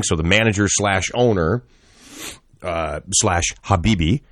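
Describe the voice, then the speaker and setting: A man's voice: low voice, a little slow, fairly bright tone, no echo, studio quality. A man co-hosting a casual podcast, telling a news story in a rambling way and acting out the quotes. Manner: rambling, laughing, acts out quotes. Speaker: podcast co-host.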